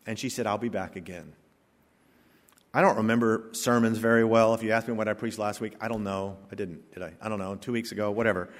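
A man's voice: fairly low pitch, level tone, fast, few pauses. A male pastor giving a sermon, preaching emphatically with joking asides in a church sanctuary. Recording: long reverb of a church hall.

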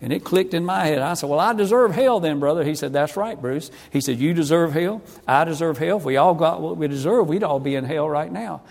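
Gravelly preacher in a reverberant hall. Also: male voice, a little high, a little fast, hardly any pauses, a little mellow. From North Carolina. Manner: emotional storytelling, acting out quoted voices. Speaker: evangelist giving his testimony. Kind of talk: sermon testimony. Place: church hall.

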